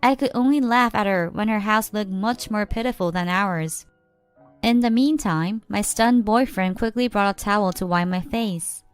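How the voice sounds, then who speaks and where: Young woman telling a story in first person, smooth clean voice, dry close mic, faint music under. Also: medium pitch, moderate pace, no room sound. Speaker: narrator.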